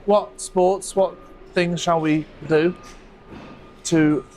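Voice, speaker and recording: Nasal, croaky man chatting fast. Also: sits high, steady tone, darkish tone. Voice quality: nasal, croaky, as if he had a cold. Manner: fast-talking, jokey. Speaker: scrapyard vlog host. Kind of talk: casual chat. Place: outdoors at a scrapyard. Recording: music playing under the voice.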